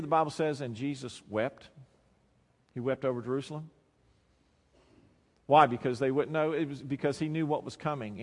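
Preacher man in an echoing hall. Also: on the high side. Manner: dynamic preaching, swinging between quiet and loud. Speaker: pastor. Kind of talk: sermon. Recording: long hall reverb.

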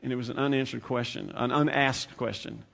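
A man preaches a sermon at a middle pitch, his voice carrying a long reverb from a church hall. He talks to the congregation in a plain, conversational way, repeats words, and swings between loud, quick bursts and quiet, drawn-out lines. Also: fairly even intonation, vocal fry.

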